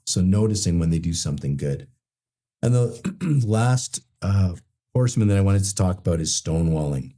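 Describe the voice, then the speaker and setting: A man's voice: low-pitched, expressive, normal speed, mellow. A man speaking as a psychologist, explaining relationship habits in a conversational way, with many "you know" fillers and acted-out examples.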